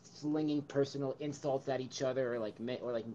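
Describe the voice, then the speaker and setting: A man's voice: medium pitch, steady tone, fairly quick, lo-fi sound, a crowd in the background. A man hosting a podcast, rambling casually with lots of restarts. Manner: rambling, many fillers and restarts. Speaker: podcast host.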